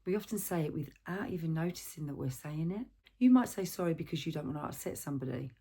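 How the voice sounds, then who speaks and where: A woman counsellor giving a gentle, reflective self-help talk and asking the viewer questions. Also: low voice, animated, fast talker, breathy edge.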